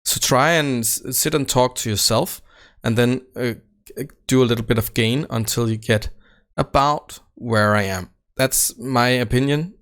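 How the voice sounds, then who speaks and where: A man casually walking through his recording setup, halting often with fillers and restarts, speaking close into a desk microphone at home. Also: mid-range voice, a bit bright. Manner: halting, many fillers and self-corrections. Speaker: tech channel host. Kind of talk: casual how-to walkthrough. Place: home room without sound treatment. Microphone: close desk microphone right at his face.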